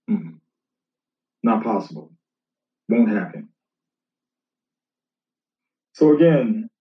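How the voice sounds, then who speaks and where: A man, a minister, casually rebutting critics and reading scripture aloud, repeating himself and talking straight to his opponent. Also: lowish voice. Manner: conversational, repeats himself, addresses an opponent directly. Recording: roomy, distant, dull lo-fi sound.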